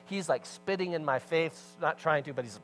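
A man preaching a sermon as pastor, telling a story with animated swings between loud emphasis and hushed asides. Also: a little high, normal speed, soft background music, low-quality recording.

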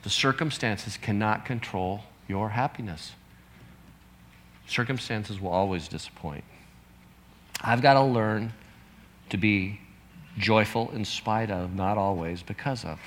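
A man's voice: on the low side, measured pace, long pauses, a bit bright, a little hiss or hum. A pastor in his fifties gives an earnest, conversational sermon, reading out scripture as he goes.

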